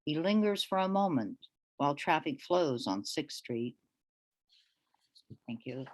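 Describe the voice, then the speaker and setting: A woman with a deep, low-pitched voice reads her poems aloud as the featured poet. She takes her time over each line, pausing between phrases in a measured, deliberate way, and stumbles a little with fillers when she talks off the page. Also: animated. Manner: deliberate, measured delivery with pauses between lines. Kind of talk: poetry reading.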